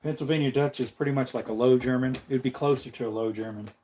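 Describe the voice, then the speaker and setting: A man's voice: steady tone, fast talker, darkish tone. A man hosting a casual livestream, rambling in chatty talk and reading out viewer comments. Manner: jokey, slips into a silly high voice. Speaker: livestream host.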